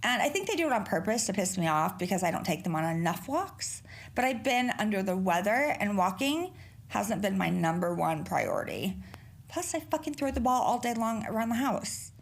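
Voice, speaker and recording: A woman's voice: mid-range voice, sing-song, moderate pace, gravelly. A middle-aged woman hosting a podcast alone, chatting casually in a rambling, profane way. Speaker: podcast host. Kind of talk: casual solo podcast chat.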